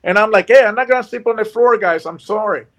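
A man telling a personal story in casual chat, animated and acting out what people said. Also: sits high, fast. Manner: animated, acts out quotes.

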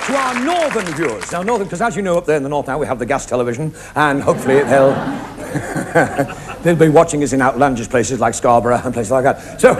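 A man doing a stand-up comedy routine, quick joke patter with broad mimicry. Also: medium pitch, lively intonation. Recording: live crowd and noise. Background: laughing audience.

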